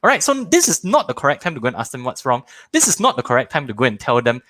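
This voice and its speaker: A Malaysian English-accented man leads a parenting workshop, his pitch swinging widely as he explains and acts out scenes. He repeats words to drive them home, in a dry close recording with no room sound. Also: fast, hardly any pauses, no room sound. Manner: animated, acts out little scenes in shifting voices; repeats words and phrases for emphasis. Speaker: parenting teacher. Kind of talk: live online parenting workshop.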